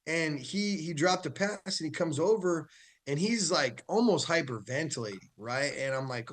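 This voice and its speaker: A man with an American accent, a football coach chatting as a weekly guest on a radio show, upbeat and quick to laugh, often restarting his sentences. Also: fairly high pitch, expressive. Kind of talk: casual radio show chat.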